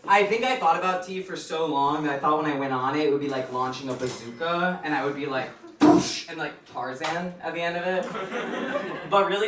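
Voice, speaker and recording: Chatty trans man comic, far off. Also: a little high. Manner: chatty, laughing, shouting introductions. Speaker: comedian and show host. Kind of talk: stand-up set and hosting. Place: small comedy venue. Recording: echoey room from far off with loud noise.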